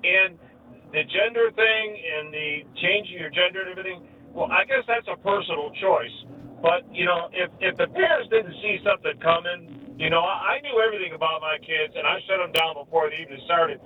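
Emotional man calling in on a tinny phone line. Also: high voice. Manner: halting, emotional, repeats words. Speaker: caller. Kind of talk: emotional call-in to a radio show. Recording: tinny phone line, far from mic, faint noise.

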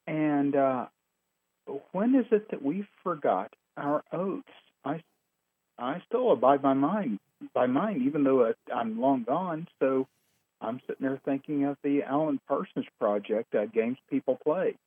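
A man calling in to a radio talk show, speaking earnestly and reflectively, with pauses and fillers. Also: medium pitch, expressive, breathy edge, no echo. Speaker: caller. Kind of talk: phone call-in to a radio show. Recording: tinny phone line.

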